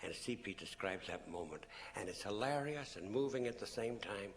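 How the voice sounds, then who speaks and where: A man's voice: lowish voice, lively intonation, moderate pace, slight background noise. A man giving a public lecture to an audience, telling stories animatedly and acting out the people he quotes. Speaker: public speaker.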